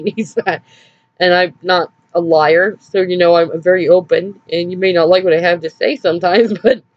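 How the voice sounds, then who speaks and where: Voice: medium pitch, no room sound. Upset vlogger venting in a dull recording. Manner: rambling, hesitant, with nervous laughs. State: upset and drained. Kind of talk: personal storytelling vlog.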